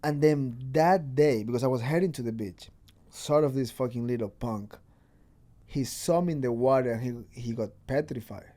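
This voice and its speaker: A man's voice: mid-range voice, moderate pace, warm tone. A man hosting a podcast, telling stories in casual chat, swearing freely and acting out what people said. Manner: swears freely, acts out quotes. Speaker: podcast host.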